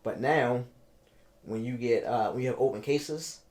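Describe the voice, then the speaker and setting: A man, telling his own story in a casual interview, animated and repeating himself for emphasis. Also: mid-range voice, unhurried. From Baltimore, United States. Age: 30s.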